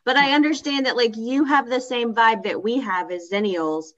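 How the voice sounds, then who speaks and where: A woman's voice: fairly high pitch, moderate pace, dull audio. A woman in her forties hosting a casual podcast, friendly and teasing, laughing often. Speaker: podcast host.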